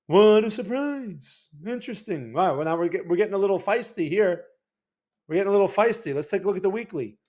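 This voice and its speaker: Here the New Jersey host sounds high-pitched and a bit mellow, moving quickly with lively intonation. On his casual market-analysis livestream he comments on charts in an easygoing way, repeatedly restarting and asking "right?"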